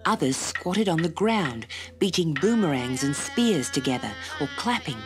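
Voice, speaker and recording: A woman storyteller narrates a children's tale at a slow, deliberate pace. Her pitch sits a little low but moves very expressively, and soft music sits faintly beneath her voice. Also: animated.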